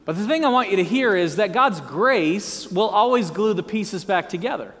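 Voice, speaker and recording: High, lively male pastor preaching. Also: moderate pace, long reverb tail, a little hiss or hum. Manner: lively, joking asides and call-and-response prompts. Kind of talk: sermon.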